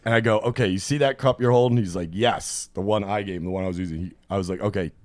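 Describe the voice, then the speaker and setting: A man telling crude, animated anecdotes on a podcast and acting out the people in them. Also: on the low side, fast, dry recording. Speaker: podcast host. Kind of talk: casual storytelling chat.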